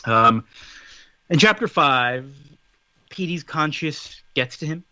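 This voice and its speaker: A man co-hosting a podcast in casual chat, summarizing a story with quick acted-out quotes. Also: a little high, lively intonation, bright, forceful tone, no echo. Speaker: podcast co-host.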